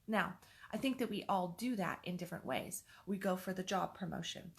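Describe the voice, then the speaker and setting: A woman's voice: lowish voice, fairly quick, vocal fry. A woman in her forties, a life coach, talking candidly in a rambling, raw way and swearing freely. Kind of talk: casual vlog monologue.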